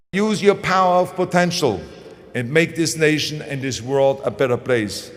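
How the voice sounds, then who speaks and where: A man's voice: lowish voice, a little mellow. Emphatic man with a German accent. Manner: emphatic, driving, repeats key phrases. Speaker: motivational speaker. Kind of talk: motivational speech and interview clips.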